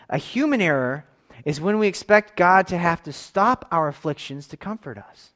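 A man in his thirties preaching a sermon, moving between forceful raised passages and quiet, intimate tones. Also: high voice, animated, normal speed. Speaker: pastor.

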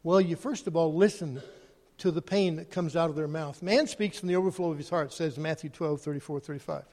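A man preaching a sermon, animated, swinging between loud emphasis and quiet, hushed asides. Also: on the high side, brisk. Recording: long hall reverb.

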